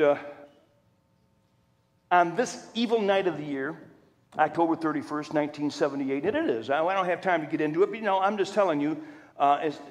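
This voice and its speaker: Animated high-voiced preacher in an echoing hall. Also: male voice. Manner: animated, acts out quotes with humor. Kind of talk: storytelling sermon. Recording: reverberant church hall.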